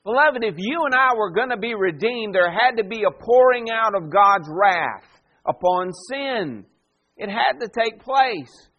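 A man's voice: sits high, expressive, a little slow, highs cut off. A man preaching a sermon, acting out the voices of the people he quotes and pressing his listeners with rhetorical questions. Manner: dramatic voicing of quoted figures, rhetorical questions. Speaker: pastor.

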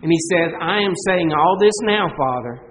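A man's voice: a little high, animated, normal speed, a bit bright, echoey room, rough recording. A man preaching a sermon to his congregation in an earnest, conversational way, asking them questions, his voice giving out. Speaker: pastor. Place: church sanctuary.

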